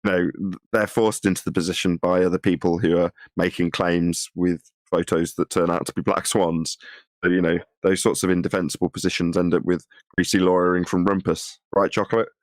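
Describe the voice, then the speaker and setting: Deep-voiced mocking male co-host. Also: level tone, fairly quick, no room sound. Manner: mocking, chuckling, argumentative. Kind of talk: casual online call-in chat.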